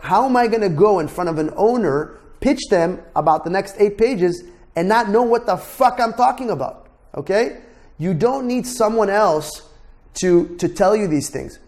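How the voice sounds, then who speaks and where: A blunt, emphatic man lecturing students as a real estate broker and instructor. His voice sits fairly high for a man, and he hammers points home by repeating words and swearing freely. He talks to the class directly, like a no-nonsense mentor. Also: darkish tone.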